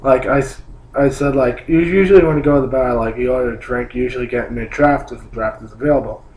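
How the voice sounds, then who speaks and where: A man's voice: mid-range voice, fast talker, darkish tone. Man ranting in an echoey room. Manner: annoyed, complaining, swears, rambling with many likes. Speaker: vlogger. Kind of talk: casual ranting story. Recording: roomy echo, faint hum.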